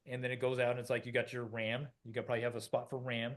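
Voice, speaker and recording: Middle-aged man, casual co-host, rambling, restarts a lot, mid-pitched voice. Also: monotone, quick pace. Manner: rambling, many fillers and restarts, acts out quoted voices. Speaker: podcast co-host. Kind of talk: casual conversational explanation.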